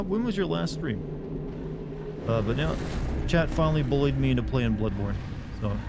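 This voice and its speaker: Excitable swearing man streaming a game. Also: mid-range voice. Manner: excitable, swears a lot, reacts aloud to the game. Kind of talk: live gameplay commentary. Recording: game noise loud behind the voice.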